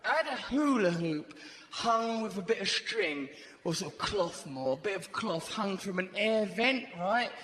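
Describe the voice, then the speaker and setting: A man doing stand-up comedy, telling stories in a fast, animated way with sudden put-on voices and bursts of shouting. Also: high-pitched. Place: large theatre stage. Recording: echoey live venue, crowd noise.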